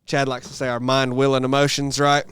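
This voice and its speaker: A man's voice: medium pitch, monotone, a little fast, fairly bright tone, smooth, no room sound, clean studio sound. A man, co-hosting a podcast and explaining at length in casual chat, often correcting himself. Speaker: podcast co-host.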